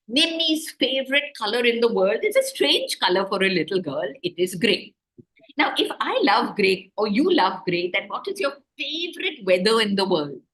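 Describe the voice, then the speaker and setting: A woman author telling a story to children over a video call, stopping often to ask them questions. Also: fairly high pitch. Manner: animated, asks the children questions.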